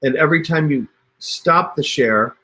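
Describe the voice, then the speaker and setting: A man's voice: fairly high pitch, normal speed, sharp tone. A man hosting a casual livestream tutorial, talking viewers through steps on screen in a chatty way over a computer mic. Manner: chatty, addresses viewers as you guys. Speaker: host.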